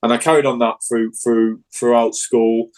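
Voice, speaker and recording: A man's voice: medium pitch, level tone, normal speed, darkish tone, rough recording. A man with a Northern English accent, a guest in a casual interview, talking frankly with many restarts. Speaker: guest, Paralympic judoka.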